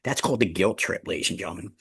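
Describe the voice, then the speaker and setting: A man leading a real estate team meeting, emphatic and repetitive, often addressing the room as ladies and gentlemen. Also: on the low side, lively intonation, rapid-fire, gravelly, slightly rough. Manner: emphatic, repeats key phrases, addresses listeners as ladies and gentlemen. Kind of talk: motivational team meeting talk.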